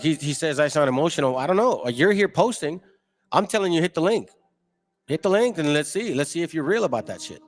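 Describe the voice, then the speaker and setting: A man hosting a livestream, arguing with and mocking viewers in the chat in a combative, confrontational way. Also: fairly high pitch. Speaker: channel host. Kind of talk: livestream commentary reading chat.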